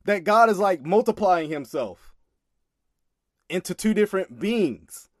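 A man's voice: high voice, lively intonation, a little slow, no echo, studio quality. A man casually commenting on a sermon clip, exasperated and emphatic, often laughing in disbelief.

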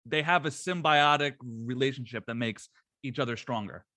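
A man's voice: mid-range voice, moderate pace, bright, forceful tone, no echo. Polished male film interviewer, dry sound.

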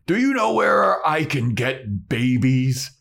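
A man on a podcast voicing a hulking, beer-chugging male troll who demands babies, in a slow, booming way. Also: big pitch swings, vocal fry, a bit bright, slightly rough, heavily acted. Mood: demanding. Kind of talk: comic retelling on a podcast.

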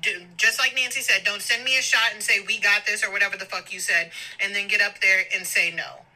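A woman's voice: medium pitch, fairly even intonation, brisk, bright, forceful tone, poor audio. Fired-up woman ranting on a voice memo. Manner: heated, profane, emphatic. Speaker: podcast guest sending voice notes. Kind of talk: ranting voice note. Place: stopped during a road trip. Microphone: phone voice memo.

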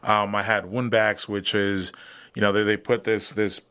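A man's voice: fairly low pitch, flat delivery, normal speed, bright, forceful tone, clean tone. A young man, a guest in a casual interview, telling a long personal story with many fillers and restarts.

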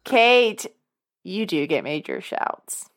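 A woman's voice: medium pitch, big pitch swings, moderate pace. A woman co-hosting a podcast, chatting casually, joking and laughing often. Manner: giggly, joking, rambling. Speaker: podcast co-host. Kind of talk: casual chat.

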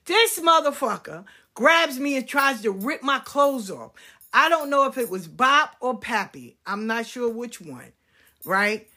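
A woman's voice: fairly high pitch, sing-song, unhurried, bright, forceful tone. A woman in her fifties telling an impassioned personal story, blunt, profane and fiery.

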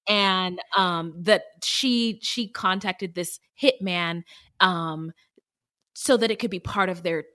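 Bright-voiced woman chatting animatedly. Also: on the low side, slow, dry recording, clean studio sound. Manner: animated, laughs often, bursts into singing and acted voices. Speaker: podcast co-host. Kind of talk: casual true-crime podcast chat.

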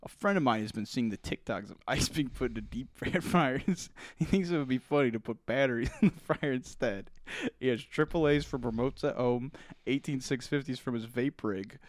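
A young man co-hosting a casual podcast, reading posts aloud with quick giggles. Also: mid-range voice, no room sound. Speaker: podcast co-host. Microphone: studio mic.

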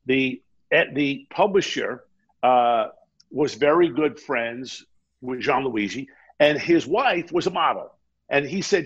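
A man telling an animated anecdote as an interview guest, acting out the dialogue he quotes. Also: mid-range voice, slow, breathy edge, highs cut off. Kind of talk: casual storytelling.

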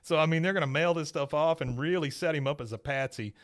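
Talking fast in a fairly high pitch, another male podcast host chats his way through a cartoon episode recap. He's a lively narrator who performs the characters' quotes instead of just reading them.

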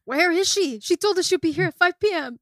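Brief: high-voiced giggly block friend, woman improvising, dry room. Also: lively intonation, fairly quick, fairly bright tone, no room sound, full character voice. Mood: dramatic. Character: devoted woman waiting for a friend's return.

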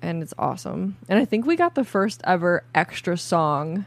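A young woman co-hosting a podcast, chatting casually, bubbly and quick to laugh. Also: fairly low pitch, very animated, gravelly, no room sound. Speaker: podcast co-host. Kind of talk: casual chat.

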